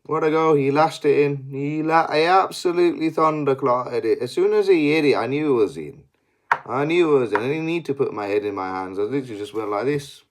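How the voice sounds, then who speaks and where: Sweary football fan ranting. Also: male voice, mid-range voice, lively intonation, a little fast. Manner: sweary and exasperated. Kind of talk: post-match analysis rant.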